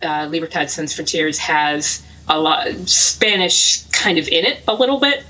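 Bright, quick-laughing woman author. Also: deep voice, lively intonation, poor audio. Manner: quick, laughing, self-deprecating. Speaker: author guest. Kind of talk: casual interview chat.

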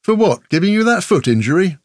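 A man's voice: sits high, sing-song, brisk, no room sound, pitched above the performer's own voice. A man doing a chatty, homely islander fellow, friendly and talkative, his voice lifted noticeably above the reader's own. The read is dry and close, with no room sound at all. It suits an audiobook scene of easy back-and-forth. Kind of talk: audiobook character voice.

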